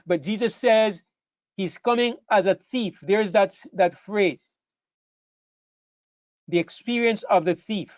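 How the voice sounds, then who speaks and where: A man's voice: high voice, takes it slowly, long pauses, no room sound. A man preaching a sermon to a congregation, earnest and emphatic, repeating phrases as he builds to stressed points. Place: church hall with a live congregation.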